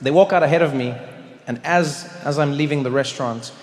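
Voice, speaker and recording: A man doing stand-up comedy, telling a story in an animated way in a large venue. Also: on the high side, a little fast. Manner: storytelling, animated voices, frequent acted dialogue. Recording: echoey hall with noise.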